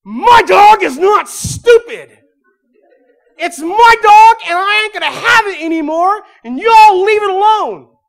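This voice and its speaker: A man voicing a fed-up woman who shouts loudly and with outrage to defend her dog. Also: very high-pitched, expressive, a little slow, creaky, pitched above the performer's own voice, heavily acted, rough recording. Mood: outraged. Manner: yelling, loud and outraged.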